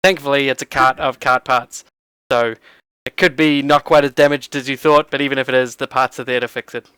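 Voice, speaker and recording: Man, game master, halting narration full of fillers, smooth clear voice. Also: medium pitch, steady tone, sharp tone, no room sound. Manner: halting, with frequent fillers and restarts.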